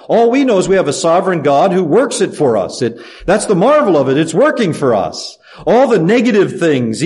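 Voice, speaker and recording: A man's voice: sits high, darkish tone. A middle-aged man preaching a sermon in an earnest way, asking the congregation rhetorical questions. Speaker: pastor.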